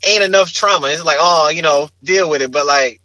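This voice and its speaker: A man's voice: on the high side, fairly quick, bright, forceful tone, no room sound, poor audio. A man co-hosting a podcast in casual chat, ranting brashly and crudely and joking as he goes. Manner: brash, profane, joking rants. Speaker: podcast co-host.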